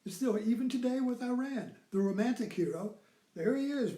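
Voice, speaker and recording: A man's voice: high voice, animated, moderate pace, warm tone, reverberant. A man giving a rambling, informal lecture who keeps repeating "you see.".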